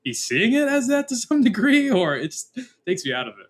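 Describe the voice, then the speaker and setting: A man co-hosting a podcast in loose casual chat, with some swearing and halting restarts. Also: extremely high pitch, very animated. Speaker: podcast co-host.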